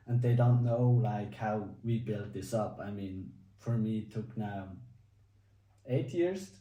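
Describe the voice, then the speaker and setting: Dark-voiced man as guest. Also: on the low side, takes it slowly. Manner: plain, slightly non-native phrasing. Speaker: guest athlete. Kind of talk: casual interview answers. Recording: roomy, distant mic.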